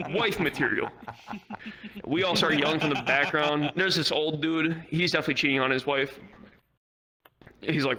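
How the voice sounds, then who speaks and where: A man's voice: fairly high pitch, a little fast, long pauses, bright, forceful tone, rough recording. A young man doing stand-up at a virtual comedy club, telling a rambling, profane story full of fillers.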